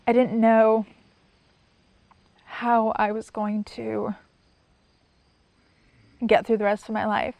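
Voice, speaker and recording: A middle-aged woman giving personal testimony in an interview, soft-spoken and halting, with many pauses and restarts, sometimes near a whisper. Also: fairly high pitch, flat delivery, vocal fry, no echo. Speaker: sign language interpreter.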